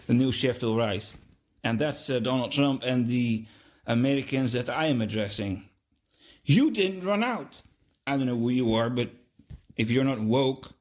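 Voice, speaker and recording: A man hosting a podcast, a delivering an emphatic, preachy religious monologue with lots of repetition. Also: medium pitch. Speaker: podcast host.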